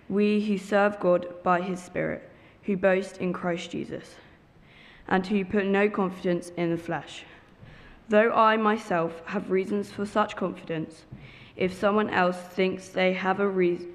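A woman reading a Bible passage aloud carefully, now and then stumbling on a word. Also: lowish voice. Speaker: scripture reader. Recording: long hall reverb.

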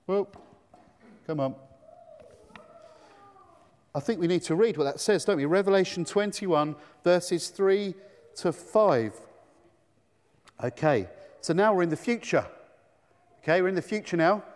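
Brief: enthusiastic male children's talk leader, bright high voice, big reverberant church hall. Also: expressive, a little slow, long pauses. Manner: enthusiastic, asks the children many questions.

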